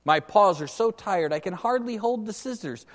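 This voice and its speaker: A man's voice: high voice, expressive, normal speed, long reverb tail, voice pushed up. A man voicing a sly, scheming male ape from a storybook, pleading and guilt-tripping in a whiny, overly sweet way. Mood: whining.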